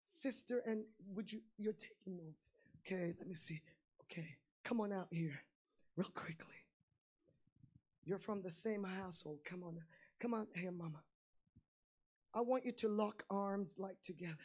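A woman preaching a sermon with fervor, going from quiet asides to shouted climaxes. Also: mid-range voice, moderate pace, slightly rough.

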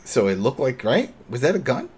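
A man's voice: medium pitch, brisk, husky. A man co-hosting a podcast, retelling scenes in casual chat and acting out the characters' lines as he goes. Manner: animated, acts out characters' lines while retelling. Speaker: podcast co-host.

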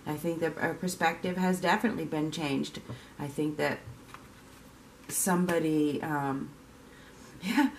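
A woman's voice: low voice, fairly even intonation, measured pace, pauses often, a little hiss or hum. Chatty woman giving a tarot reading. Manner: chatty, repeats herself, acts out quoted reactions. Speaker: tarot reader. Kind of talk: casual tarot reading monologue.

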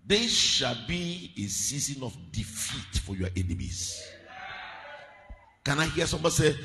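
A male pastor preaching a fiery prayer-meeting sermon, moving from quiet teaching to loud chanted prayer and speaking in tongues. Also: mid-range voice, very animated, a little slow. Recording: long hall reverb.

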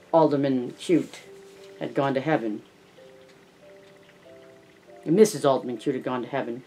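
Brief: male classic-novel narrator, measured, faint music beneath. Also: medium pitch, a little mellow, poor audio. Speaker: audiobook narrator. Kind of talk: scripted narration.

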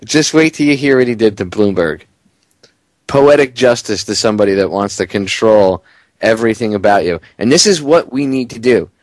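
A man hosting a talk radio show, giving excitable, indignant commentary and reading a story aloud with chuckles. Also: lowish voice, moderate pace, no room sound.

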